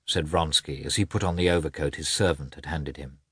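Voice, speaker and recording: A man narrating a classic novel as an audiobook, in an expressive, measured way. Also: rumbling low, breathy edge, no echo, studio quality.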